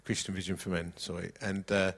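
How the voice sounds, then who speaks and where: A man's voice: deep voice, little pitch movement, fairly quick. A middle-aged man preaching a sermon, mixing jokey anecdotes with scripture reading.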